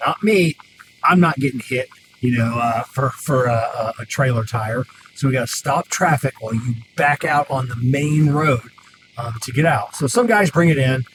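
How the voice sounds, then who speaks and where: A man's voice: mid-range voice, normal speed. A man who works as a mechanic and hosts a podcast, ranting about customers in a casual, profane, rambling way full of fillers. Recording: distant mic with clear background noise.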